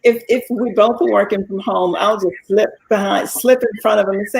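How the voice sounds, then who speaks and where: A woman's voice: medium pitch, fairly even intonation, moderate pace, vocal fry, few pauses, darkish tone, breathy edge, poor audio. A woman guest on a podcast talking earnestly and with enthusiasm. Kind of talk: casual chat.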